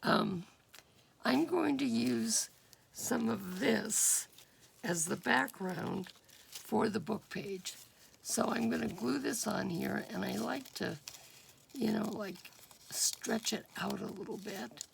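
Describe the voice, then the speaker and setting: A woman with a deeply gravelly, gruff voice talks very slowly through a craft project, thinking aloud with plenty of fillers and now and then slipping into a whisper. Clear background noise and clicking tools run under her voice. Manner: unhurried, thinking aloud with fillers and drops into whispers while working. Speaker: crafter demonstrating a junk journal project. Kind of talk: casual step-by-step craft demonstration.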